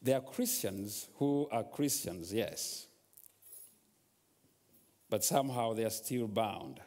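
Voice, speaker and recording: A man's voice: lowish voice, expressive, slow, darkish tone. A man preaching a sermon as a guest, telling a story and then urging the congregation to speak to their troubles. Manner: storytelling, rising to exhortation. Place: large church hall. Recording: long church hall reverb.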